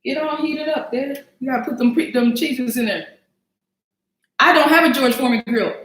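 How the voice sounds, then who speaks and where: A woman's voice: sits high, moderate pace, fairly bright tone, reverberant, low-quality recording. A woman hosting a casual cooking livestream, chatting to viewers as y'all and thinking aloud as she cooks in her home kitchen.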